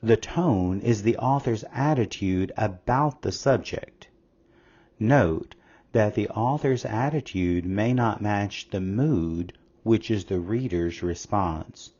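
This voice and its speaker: A man narrating a scripted English lesson in a slow, measured, explanatory way. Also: on the low side, dark tone, breathy edge. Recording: slightly dull lo-fi audio.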